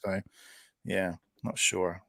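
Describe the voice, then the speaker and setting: Gravelly man chatting on a stream. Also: low voice, fairly even intonation, slow, bright, forceful tone, dry recording. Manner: chatty, laughs often, greets chat viewers. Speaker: live stream co-host. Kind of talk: casual live stream chat.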